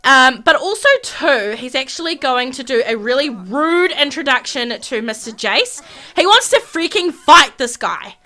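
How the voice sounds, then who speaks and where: In an excited let's-play, a young woman narrates a life-sim game, gasping dramatically, repeating herself often, and acting out the characters' quarrels. Her high-pitched voice is expressive, pushed, and bright, with a measured pace and few pauses.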